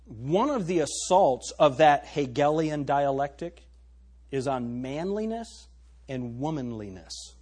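Husky, lively-voiced male preacher. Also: on the high side. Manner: emphatic, rhetorical questions to the congregation; reads scripture aloud. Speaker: pastor. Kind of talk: sermon.

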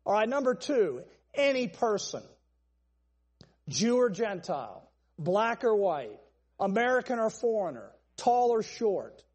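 A man's voice: high voice, sing-song, measured pace, a little mellow, breathy edge, big-room sound. A man preaching a sermon, stressing points through long repeated lists. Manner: emphatic, repetitive list-style preaching.

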